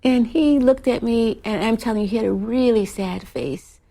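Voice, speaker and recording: A woman, an author and professor, telling an anecdote in a relaxed interview, animated, with small laughs and quick restarts. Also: fairly high pitch, vocal fry. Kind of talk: conversational storytelling interview.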